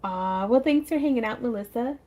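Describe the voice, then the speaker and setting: A woman's voice: on the high side, brisk, warm tone. A chatty woman hosts a casual craft livestream from her front porch, talking as she works. She greets viewers by reading their comments aloud and laughs often. Her voice sits close on the mic. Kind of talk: casual chat while crafting.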